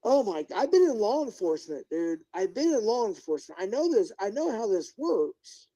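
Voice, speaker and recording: A man's voice: high-pitched, big pitch swings, normal speed, warm tone, poor audio. A middle-aged man live-streaming as a YouTuber, ranting indignantly and talking straight to his viewers and chat. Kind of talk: unscripted livestream rant.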